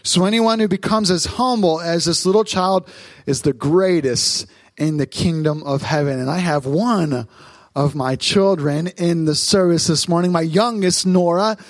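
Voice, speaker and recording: A man, a pastor in his thirties, preaching a sermon on stage in church, telling family stories in a lively, animated way. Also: fairly high pitch, dry recording. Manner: warm storytelling, lively, quick asides.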